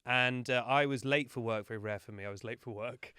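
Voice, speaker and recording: A man chatting as a podcast guest and spinning self-deprecating anecdotes. His voice sits at an ordinary pitch, and the recording is close and dry, with no room sound. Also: brisk, sharp tone, smooth, dry recording. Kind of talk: casual chat.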